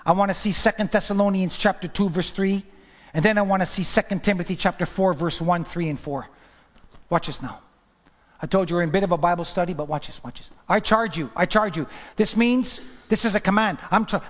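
A high-pitched male pastor preaching in a church sanctuary, his voice trailing off into a long hall reverb. He is emphatic, asks the congregation rhetorical questions and swings between loud declarations and hushed asides. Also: brisk. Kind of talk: sermon.

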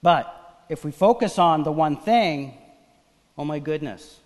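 A man preaching from the pulpit, his fairly high voice carrying a long tail of reverb through a church hall. He preaches with animated drive, rising for emphasis and dropping low for asides. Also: slow. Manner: animated preaching, acts out voices of biblical figures. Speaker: pastor. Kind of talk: sermon.

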